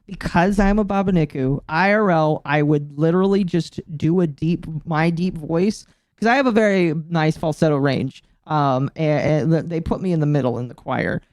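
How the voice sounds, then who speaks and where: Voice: mid-range voice, normal speed, dry recording, studio quality. A streamer hosting a casual live stream, ranting with plenty of swearing and laughter. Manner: profane, animated ranting with frequent laughter. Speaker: streamer host.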